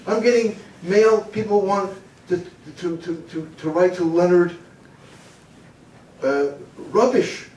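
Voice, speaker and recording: A man's voice: takes it slowly, a little hiss or hum. Older american guy telling a funny story on stage, does a big announcer voice, laughs at himself, echoey room. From United States. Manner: animated storyteller who puts on a booming announcer voice and laughs at his own jokes. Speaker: motivational humor speaker. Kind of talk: storytelling keynote talk. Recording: echoey hall, mic at a distance.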